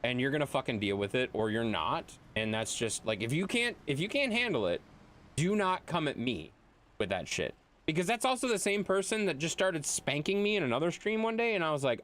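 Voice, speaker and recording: A man's voice: a little high, sing-song, a little fast, fairly bright tone. A young man streaming a game, ranting bluntly and profanely to his chat. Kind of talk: casual live-stream chat while gaming.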